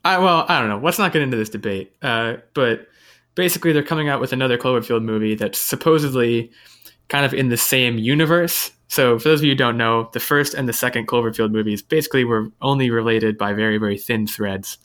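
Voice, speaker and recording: A man hosting a casual chat, running through upcoming movies from an article with a relaxed delivery full of fillers. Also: medium pitch, a little fast. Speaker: host.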